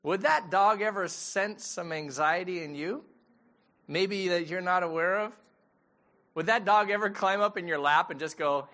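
A man's voice: high-pitched, normal speed, sharp tone. A middle-aged man, a pastor giving a sermon in a conversational storytelling way and asking the audience questions.

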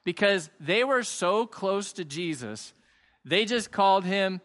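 A man delivers an online sermon in a chatty, joking and earnest way. His voice sits high and bright. A long reverb hangs behind him from the empty hall. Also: sing-song, a little slow. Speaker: pastor. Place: church hall with no audience.

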